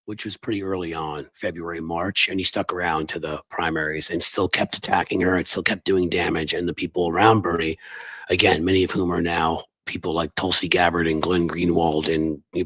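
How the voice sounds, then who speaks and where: Raspy-voiced man hosting a live stream. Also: deep voice, no room sound, poor audio. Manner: animated, blunt and conversational, talking to viewers. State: raspy from the flu. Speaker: political commentary host.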